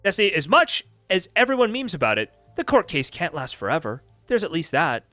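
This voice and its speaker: A man's voice: on the high side, huge pitch swings, a little fast, sharp tone, no echo, soft background music. A man hosting a stream, reading chat logs aloud with sarcastic, incredulous commentary. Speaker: streamer host.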